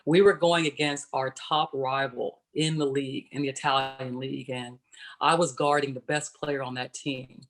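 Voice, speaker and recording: Speaking at normal speed with fairly even intonation, this very deep-voiced woman is a former pro basketball player in her forties. On a virtual panel by video call, she tells her personal story conversationally, explaining things and asking "right?" along the way.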